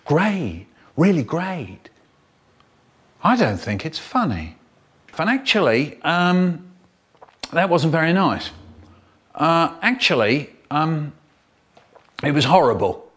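A man telling comic stories, theatrical and savouring each word, swinging from hushed to loud. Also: on the high side, sing-song, takes it slowly, pauses often, breathy edge. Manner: theatrical, savouring words, sudden swings between hush and loud. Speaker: storyteller. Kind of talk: comic storytelling to camera.

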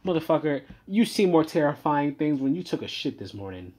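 A man giving a profane reaction rant, heated and swinging between loud outbursts and low muttering. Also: sing-song, a little fast, slight background noise. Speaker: commentator.

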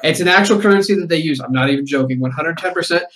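Podcast co-host, man, higher-pitched, playful and crude banter. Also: racing, fairly bright tone. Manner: joking, pitches wild schemes, swears casually. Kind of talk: casual chat.

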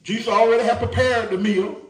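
A male preacher with a high voice delivers a sermon, repeating himself and asking for agreement. He is caught from a distance in an echoing church. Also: steady tone, fairly quick. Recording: echoey church from far off.

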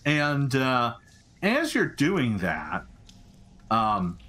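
A man's voice: medium pitch, wildly swooping pitch, extremely slow, bright, forceful tone. A man narrating as game master of a tabletop game, rambling with many fillers and restarts.

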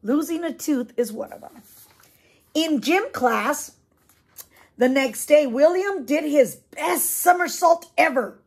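Female preschool teacher, high voice, slow lively read-aloud with questions for the kids. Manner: gentle, asks the children questions, explains. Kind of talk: reading a picture book aloud to children.

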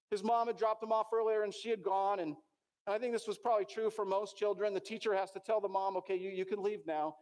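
A man's voice: sits high, a little mellow. A middle-aged man with an American accent, preaching a sermon in a church and telling stories earnestly, with many restarts. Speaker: pastor.

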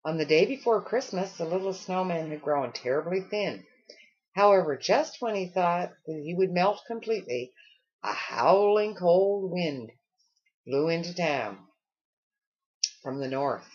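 A woman reading a children's storybook aloud with expressive storytelling. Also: fairly low pitch, normal speed, husky, muffled recording. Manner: expressive storytelling with acted character lines. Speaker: storybook reader.

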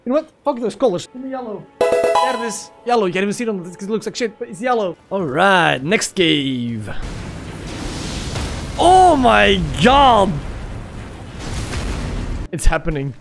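A young man commentating his own gameplay casually, excitable and crude, with sudden yelps and laughs. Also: high voice, normal speed, vocal fry, long pauses, over music. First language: Dutch. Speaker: streamer. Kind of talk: casual let's-play commentary.

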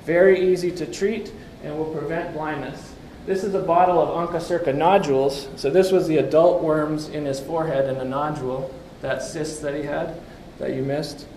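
Steady in tone yet on the high side and somewhat dark, this man's voice moves at normal speed with hardly any pauses, over slight background noise. He gives a conference talk with slides in a conversational way, asking the audience questions and offering wry asides, in an echoey room with faint ambience.

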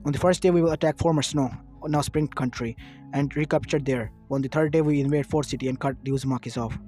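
A man reading out a proud, resentful village leader who boasts and sneers. The voice is slightly high-pitched, with soft lo-fi music in the background. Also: steady tone, fast talker, lightly acted. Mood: scheming. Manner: boastful, taunting. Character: arrogant bitter male village leader.

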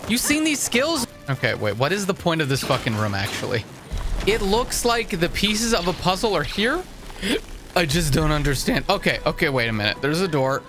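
Excitable young man joking over gameplay. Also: a little high, normal speed. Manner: excitable, jokey, swears often. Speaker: gaming channel host. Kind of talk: gameplay commentary. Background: game music and sounds.

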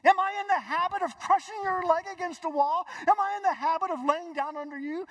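A man voicing an indignant male talking donkey, protesting in a high, loud voice. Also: fairly quick, dry recording, recorded from a distance.

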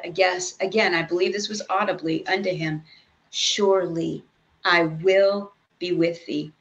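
A woman's voice: fairly low pitch, fairly bright tone, muffled recording. A woman leading a casual Bible study, reading scripture aloud and then explaining it in chatty asides.

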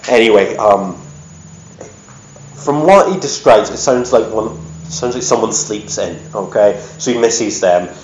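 A man giving a lively, chatty storytelling talk at an event, with plenty of ums and uhs. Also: fairly low pitch, unhurried, highs cut off, a little hiss or hum. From United States. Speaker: presenter. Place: event hall. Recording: echoey hall.

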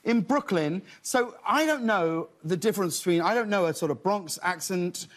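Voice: medium pitch, lively intonation, moderate pace. A talk show host interviewing two guests with curious, playful questions.

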